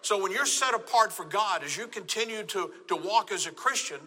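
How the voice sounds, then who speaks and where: A man's voice: sits high, animated, fairly quick, hardly any pauses, pushed and bright, in a large hall. A man from Texas with a Texan accent, preaching a sermon with emphatic, repeated phrases. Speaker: pastor.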